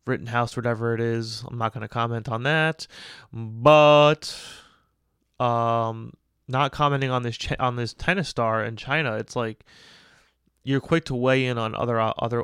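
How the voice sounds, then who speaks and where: A man hosting a podcast, ranting casually in a crude, joking, rambling way with quick voiced asides. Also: mid-range voice, fairly bright tone, smooth, no room sound, studio quality. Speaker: podcast host. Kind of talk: casual solo podcast rant.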